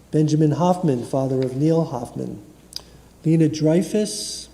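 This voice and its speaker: Slow, dark-voiced man leading worship. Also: fairly high pitch. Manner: measured, reads a memorial list of names; chants Kaddish prayer slowly. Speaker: synagogue service leader. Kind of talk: leading a prayer service. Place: synagogue sanctuary. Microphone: livestream room mic. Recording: long reverb of a large sanctuary.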